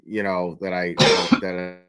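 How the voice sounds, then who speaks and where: A man ranting in a casual commentary, animated and incredulous, swearing often and laughing as he talks. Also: deep voice, slow pace. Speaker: online commentator.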